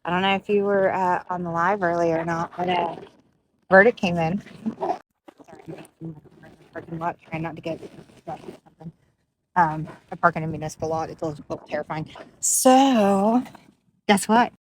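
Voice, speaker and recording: A woman's voice: fairly low pitch, normal speed, long pauses, slight background noise. A young woman, chatting casually with fillers and restarts in a true crime video update. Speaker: true crime content creator.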